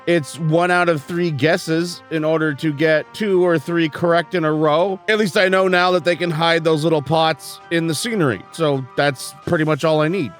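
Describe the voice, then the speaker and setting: A man's voice: on the high side, fairly even intonation, moderate pace, few pauses, no room sound, faint music behind. A man reviewing a video game as he plays, exasperated and sarcastic, swearing often. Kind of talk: let's-play commentary.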